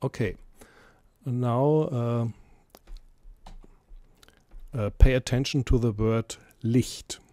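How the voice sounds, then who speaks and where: A man explaining music mixing in a software tutorial, hesitant and full of fillers. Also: medium pitch, fairly even intonation, takes it slowly, noisy background. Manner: hesitant, many fillers and restarts. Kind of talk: screen-recorded software tutorial.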